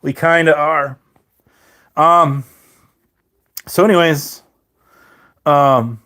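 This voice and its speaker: Slightly high and sharp-toned, a man rambles to his live-stream viewers in a self-mocking way. Halting restarts and frequent laughter fill his talk as his dry mouth makes his voice crackle.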